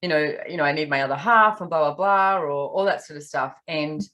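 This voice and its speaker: A woman's voice: deep voice, fairly quick, fairly bright tone. A woman from Australia, a podcast guest, telling candid personal stories in casual conversation and acting out her own thoughts.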